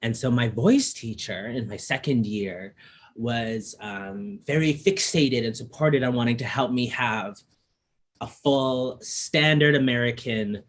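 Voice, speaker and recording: A man from Canada with a slight lisp and a slightly raspy voice, reflectively telling personal stories in a casual conversation. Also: medium pitch. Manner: reflective, personal storytelling with frequent ums. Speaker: performance artist in conversation.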